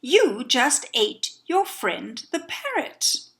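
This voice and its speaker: A woman's voice: sits high, very animated, slow, vocal fry, a bit bright, exaggerated voice. A woman voicing a shocked old woman who scolds sharply.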